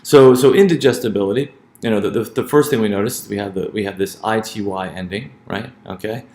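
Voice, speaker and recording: A man's voice: on the low side, brisk, darkish tone, reverberant. A man teaching a lesson on word stress, hesitant, often repeating words and checking in with "right?".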